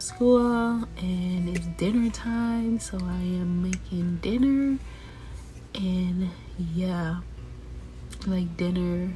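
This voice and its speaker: A woman's voice: on the low side, creaky. A young woman vlogging about her day at home, sounding stuffy and congested, rambling casually with lots of fillers. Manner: rambling, repetitive, many fillers. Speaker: vlogger mom. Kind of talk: casual chit-chat vlog.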